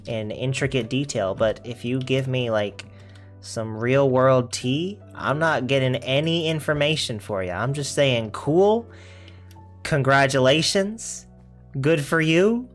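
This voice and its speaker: A young man drifts from one thought to the next while he plays a game on stream. He keeps a relaxed, easygoing tone at an ordinary pitch and laughs easily, with soft music playing faintly behind him. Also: unhurried. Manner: rambling, laid-back, laughs often. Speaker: gaming streamer. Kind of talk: casual chat while playing.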